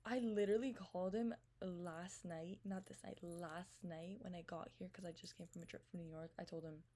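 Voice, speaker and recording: A young woman telling a storytime rant to her viewers, animated, swearing freely and acting out what was said. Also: lowish voice, normal speed. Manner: animated, swears freely, acts out quoted texts. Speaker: vlogger.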